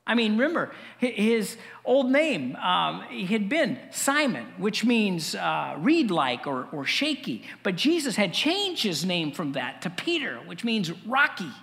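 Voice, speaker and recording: A man preaching in a church with a long, lingering reverb. His voice is gravelly, and it rises and falls in a lively, animated way. He keeps the sermon conversational and wry, full of asides. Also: high-pitched, slow pace. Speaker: pastor.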